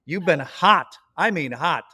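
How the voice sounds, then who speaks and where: A man's voice: on the high side, expressive, unhurried, pushed and bright, breathy edge. A man hosting a podcast, steering the conversation and calling on the others. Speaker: host. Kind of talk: moderating podcast talk.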